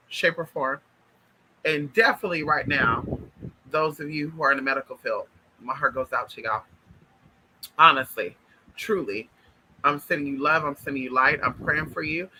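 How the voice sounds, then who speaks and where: Emphatic man with a sharp, bright voice. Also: a little high, a little hiss or hum, low-quality recording. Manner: emphatic, repetitive, calls viewers honey and y'all. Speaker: spiritual vlogger. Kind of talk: casual direct-to-camera monologue.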